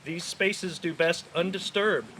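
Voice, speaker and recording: A man's voice: high voice, a little slow, noisy background. A man from Florida, a local business owner, giving an earnest prepared speech at an outdoor park rally.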